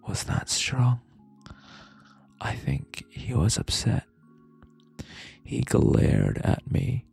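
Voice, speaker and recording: A man narrating a story in a soft ASMR whisper, a whispered role-play. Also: lowish voice, gravelly, slightly rough. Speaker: ASMR streamer.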